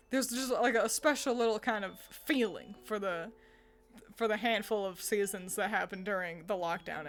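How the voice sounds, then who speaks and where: A woman's voice: mid-range voice, fairly bright tone. A young woman from the United States streaming and chatting casually with her viewers, rambling with frequent laughter and restarts. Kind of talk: casual chat with chat readers.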